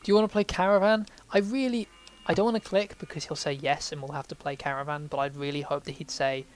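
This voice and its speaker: A man's voice: fairly high pitch, steady tone, fast. A man giving casual, rambling gameplay commentary, swearing and joking at himself. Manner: rambling, swearing, self-mocking. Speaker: let's play host.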